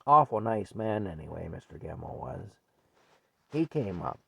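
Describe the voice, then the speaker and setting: Older man with a deep gravelly voice. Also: big pitch swings, normal speed, pushed and bright, a little hiss or hum. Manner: rambling, folksy, repeats himself. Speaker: storyteller. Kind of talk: casual spoken memoir.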